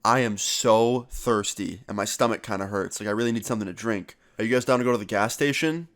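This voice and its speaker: A man's voice: fairly low pitch, fairly quick, fairly bright tone, natural voice. A man voicing a nervous teenage boy who speaks in a sheepish, mumbling way. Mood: whiny.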